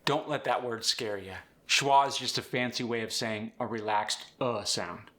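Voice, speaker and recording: A man hosting an accent tutorial, explaining sounds clearly and giving example words. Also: mid-range voice, steady tone, moderate pace, bright, forceful tone. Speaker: accent coach. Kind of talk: instructional tutorial.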